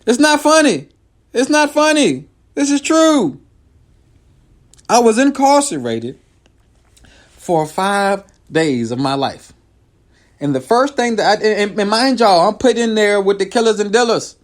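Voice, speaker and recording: A man telling a personal story to his viewers in a casual, animated way, jumping from loud high outbursts to low, quiet asides. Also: measured pace, long pauses. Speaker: comedian and show host.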